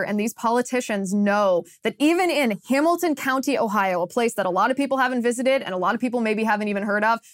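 A woman in her thirties hosting a political commentary podcast, telling stories in a chatty way with frequent laughs and quick restarts. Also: mid-range voice, dry recording, clean studio sound. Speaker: podcast host.

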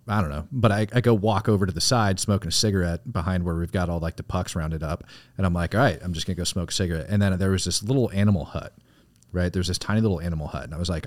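A man's voice: deep voice, darkish tone, dry recording. A man co-hosting a casual podcast, rambling and profane, with lots of "like" and "you know". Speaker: podcast co-host, military veteran. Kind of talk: casual storytelling.

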